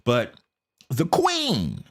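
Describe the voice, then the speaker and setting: An American man giving casual, talkative commentary on a live stream. He keeps checking in with "okay?" and mutters quietly to himself while he sets things up. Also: mid-range voice, huge pitch swings, very slow. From United States. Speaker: reaction video streamer.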